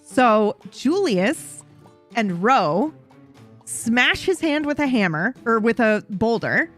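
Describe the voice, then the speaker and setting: A woman's voice: a little high, big pitch swings, takes it slowly, faint music behind. A woman casually recapping a roleplay story, rambling, swearing and correcting herself as she goes. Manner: rambling, profane, self-correcting.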